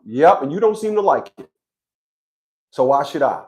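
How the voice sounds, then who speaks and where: A man's voice: a little high, moderate pace, warm tone. A man giving a blunt, profane monologue to his viewers, often stammering and restarting his sentences. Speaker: online commentator on child support.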